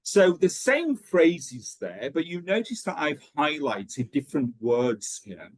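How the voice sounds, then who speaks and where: A man's voice: fairly high pitch, unhurried, no room sound. A man leading an online teacher-training lesson, checking in often with "okay" as he explains. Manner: lively, checks in with frequent "okay".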